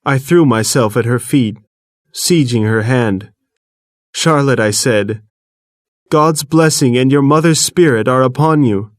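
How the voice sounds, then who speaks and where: A man reading an audiobook in the first person, measured and earnest, recorded close to the mic. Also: medium pitch, no room sound. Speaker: audiobook narrator. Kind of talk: first-person scripted narration.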